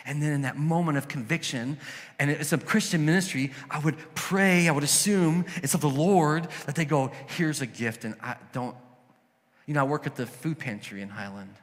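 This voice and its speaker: A man's voice: fairly high pitch, moderate pace, in a large hall. A man preaching a conversational sermon as a pastor, telling stories and acting out quoted voices.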